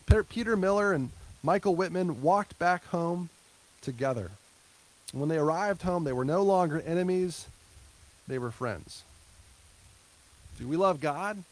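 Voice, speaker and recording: A man's voice: on the high side, rough recording. A male pastor giving a conversational sermon, with asides to the congregation and a closing prayer. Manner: conversational preaching with light laughs and asides.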